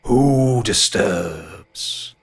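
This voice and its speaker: A man voicing an ancient, slow-spoken tree spirit in a tabletop game, deep, solemn and weary. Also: animated, creaky, husky, exaggerated voice. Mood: imperious.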